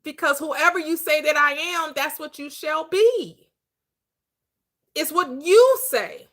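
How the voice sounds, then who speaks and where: A middle-aged woman hosting a spiritual discussion, speaking slowly and emphatically and laughing often. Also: high voice, lively intonation, a bit bright. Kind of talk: spiritual discussion group chat.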